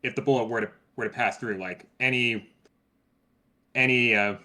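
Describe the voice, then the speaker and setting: A man's voice: medium pitch, steady tone, normal speed, sharp tone. A man playing a tabletop game, asking careful questions with fillers. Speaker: player. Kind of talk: casual tabletop play.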